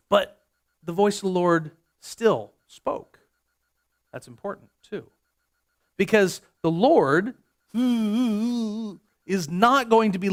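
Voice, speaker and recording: High-voiced, chatty male pastor preaching. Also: fairly bright tone. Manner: conversational, jokey preaching with frequent restarts. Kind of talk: sermon.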